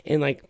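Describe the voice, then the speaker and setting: A man's voice: no echo, studio quality. A young man co-hosting a podcast, rambling through a story in casual chat and often stumbling over his words. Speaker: podcast co-host.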